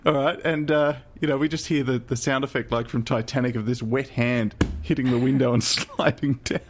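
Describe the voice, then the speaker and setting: A man's voice: mid-range voice, fairly even intonation, brisk. A man co-hosting a comedy podcast, riffing and giggling in casual chat. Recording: background noise.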